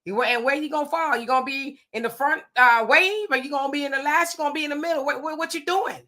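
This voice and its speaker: Bright, fairly high woman, casual livestream chat, laughing and playful. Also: fast talker. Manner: laughing, playful, reads viewer comments aloud. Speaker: livestream co-host reading chat.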